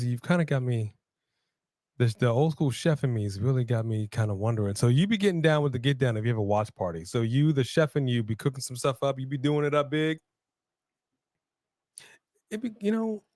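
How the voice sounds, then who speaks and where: Man, casual live stream chat, relaxed banter, dry close sound. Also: medium pitch, no room sound. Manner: laid-back banter, reads out viewer names. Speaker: co-host of a wrestling watch-along stream.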